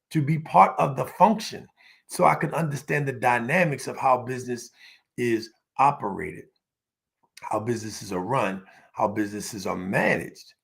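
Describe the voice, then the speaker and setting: A man's voice: medium pitch, gravelly, fairly bright tone. A man giving a motivational business talk, storytelling in an emphatic, repetitive cadence and calling on the audience to repeat after him. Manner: emphatic, call-and-response with audience. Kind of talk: motivational speech.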